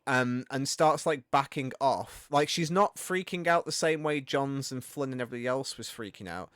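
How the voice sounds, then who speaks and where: A man's voice: medium pitch, moderate pace, fairly bright tone, no room sound, clean studio sound. A man narrating a tabletop game as its game master, with a mid-range voice. He talks in a loose, chatty way, full of ums and restarts. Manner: casual, chatty, many fillers and restarts.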